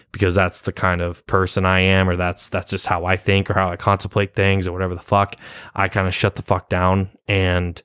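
A man's voice: sits low, a bit bright, dry recording, clean studio sound. A young man telling a personal story in a rambling, casual way, cursing often and laughing nervously. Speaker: vlogger.

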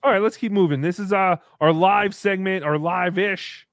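A man in his thirties hosting a livestream, reading donations and joking around in a casual, animated way. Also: sits high, normal speed, no echo. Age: 30s. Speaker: livestream host.

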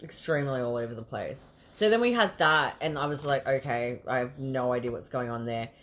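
A woman's voice: a bass voice, fairly quick, a bit bright. A woman co-hosting a casual movie podcast, swearing freely and laughing often. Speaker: podcast co-host. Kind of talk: casual movie review chat.

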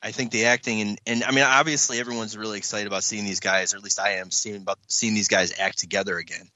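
A man co-hosting a casual podcast, talking in a halting way with many restarts. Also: fairly low pitch, steady tone, bright, forceful tone, no echo. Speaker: podcast co-host. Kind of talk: casual chat.

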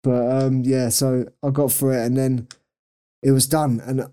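A man's voice: mid-range voice, little pitch movement, measured pace, warm tone, smooth. A young man on a podcast, telling a rambling, self-mocking story in casual chat and laughing often. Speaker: podcast co-host.

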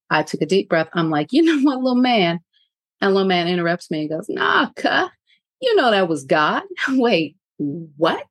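Animated woman hosting a podcast, low voice. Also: no echo. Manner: frank, animated, laughs often. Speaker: podcast host. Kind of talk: candid personal storytelling.

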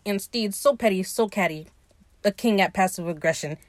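A woman hosting her own podcast, chatting casually with plenty of slang and swearing. She is opinionated and lively as she recaps, in a medium-pitched voice. The sound is dry and close, with no room echo. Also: moderate pace. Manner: opinionated, slangy and profane, animated retelling. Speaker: podcast host recapping a TV episode. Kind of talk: casual chat.

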